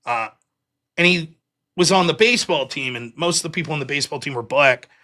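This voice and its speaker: A man's voice: on the high side, a little fast, bright, forceful tone. A man hosting a live stream, telling a long, rambling anecdote in casual, profane chat full of fillers. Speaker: host of a live streaming show. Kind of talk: casual storytelling monologue.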